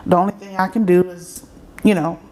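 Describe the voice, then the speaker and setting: A woman's voice: lowish voice, fairly even intonation, brisk, warm tone. A grown woman, a guest in an interview, telling a personal story earnestly and acting out the voices of the people she quotes. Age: adult, grown.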